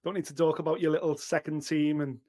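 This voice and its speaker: A man co-hosting a sports podcast, chatty and excitable with frequent swearing. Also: fairly high pitch, quick pace, very noisy. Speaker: podcast co-host. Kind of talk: casual chat.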